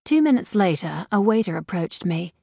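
A woman narrating a first-person romance audiobook in an unhurried, sensual reading. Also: lowish voice, sing-song, gravelly, warm tone, slightly rough, no room sound, studio quality.

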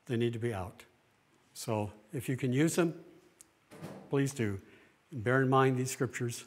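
Earnest middle-aged male pastor. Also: mid-range voice. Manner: earnest, plain-spoken, with pauses and restarts. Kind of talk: sermon-style talk.

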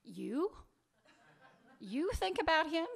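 A biting, sarcastic wife with a high, sharp voice, as a male author reads her lines. She presses hard and mocks, cutting through every dodge in this dialogue from a literary reading. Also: big pitch swings, takes it slowly, creaky, exaggerated voice. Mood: irritated. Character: sharp-tongued woman, wife, bitter and sarcastic. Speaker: fiction author reading aloud.

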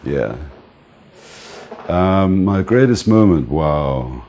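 An older man interviewed as a music manager, telling relaxed stories and often laughing and saying "man". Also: low voice, extremely slow, dull audio. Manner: relaxed, reminiscing, often says "man", laughs between points. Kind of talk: casual storytelling interview.

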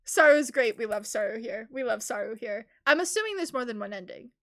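A young adult woman streaming a game live, chatting excitably in casual commentary and breaking into high giggles. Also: fairly quick.

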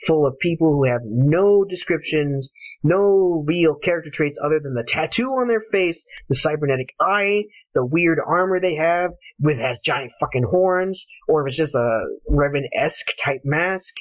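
A man's voice: a little high, lively intonation, normal speed, dry recording. A man ranting angrily about a game, with passionate, profane talk. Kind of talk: heated solo rant. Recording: dull lo-fi home recording.

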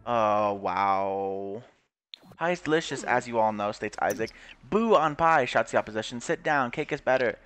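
A man's voice: fairly low pitch, normal speed, a bit bright, clear, resonant tone. A young man giving casual, crude commentary while playing a game, swearing, laughing and reading game text aloud. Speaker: gaming YouTuber.

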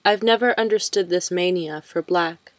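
A woman voicing a cheerful, eccentric woman nearly eighty, chatting brightly and a little louder than her narration. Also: lowish voice, moderate pace, no room sound, lightly acted. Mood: lively.

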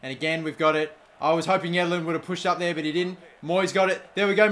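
A young man narrates his football game as he plays. His voice sits slightly high, and he keeps breaking into swearing and shouting when a chance is missed. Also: quick pace, hardly any pauses. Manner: excitable, swears, shouts at players. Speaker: gaming YouTuber. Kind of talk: gameplay commentary.

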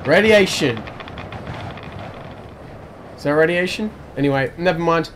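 A man's voice: on the high side, a little slow, fairly bright tone, a little hiss or hum. A young man commentating his own gameplay, panicky and exclaiming, talking to himself as he plays. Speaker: let's play gamer.

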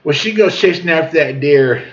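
On a dull lo-fi recording, a man in his 40s from southern Missouri spins a folksy tall tale in a fairly high, expressive voice at a moderate pace. He rambles, wanders off on tangents, and chuckles along the way.

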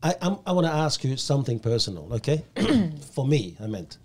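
A man hosts a podcast interview at a middling pitch. He asks his questions haltingly, often doubling back on words, and answers his guest with quick affirmations. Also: big pitch swings, darkish tone, slightly rough. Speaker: podcast host.

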